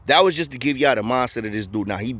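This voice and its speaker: A man's voice: medium pitch, expressive, fast, fairly bright tone, no echo. A man telling a story in a casual way, full of street slang and acting out the voices of the people in it.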